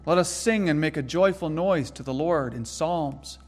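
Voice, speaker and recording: A male pastor preaching a sermon in an earnest, emphatic way. His voice sits a little higher than most men's. He drives points home by repeating them and slows his delivery on the words he wants to land. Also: big-room sound.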